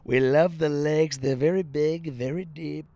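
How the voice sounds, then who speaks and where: A man's voice: on the high side, fairly even intonation, measured pace, mellow, dry recording. A man doing an impression of a blustering male politician who brags in rambling repetitions. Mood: boastful. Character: blustering male politician bragging about lakes.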